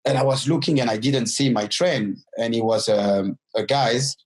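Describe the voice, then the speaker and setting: A man from France, a non-native speaker of English with a French accent, recounts his life as a podcast guest. He tells his stories in an animated way and speaks in loose, imperfect English. His voice sits at an ordinary, middling pitch for a man. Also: moderate pace, rough recording. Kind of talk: storytelling interview.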